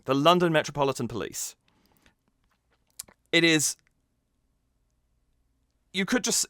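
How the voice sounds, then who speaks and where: A man's voice: on the high side, a bit bright, no room sound, studio quality. A man hosting his own channel, talking casually and enthusiastically, with plenty of restarts as he breaks down a lyric. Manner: enthusiastic, analytical, with frequent restarts. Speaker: channel host reacting to a song. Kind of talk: casual talk about musical theatre.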